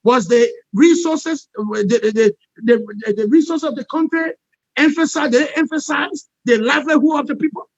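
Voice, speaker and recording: A high-pitched man delivers passionate political commentary as an interview guest. He hammers his points home, repeating phrases and asking for agreement. The recording is dull and lo-fi, with a close, dry sound. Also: normal speed, no room sound. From Liberia. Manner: emphatic, repetitive, punctuates points with "all right?". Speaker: interview guest, peace expert.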